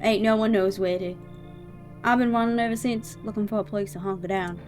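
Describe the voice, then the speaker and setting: A woman's voice: medium pitch, fairly even intonation, a little fast, a little mellow, faint music behind, close to an everyday voice. A woman voicing a folksy older Southern woman who has been evicted, with a Southern American accent and a drawling, colloquial way of talking.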